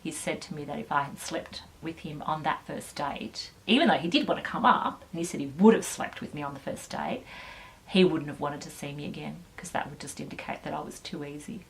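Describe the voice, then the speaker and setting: A woman giving earnest, halting personal testimony in an interview. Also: sits low, gravelly, low-quality recording.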